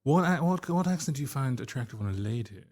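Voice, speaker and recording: A man co-hosts a podcast in loose, casual banter, rambling and circling back over his words. His pitch swings widely as he talks. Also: expressive, quick pace, darkish tone. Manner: rambling, repeats himself, laughs easily. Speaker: podcast co-host.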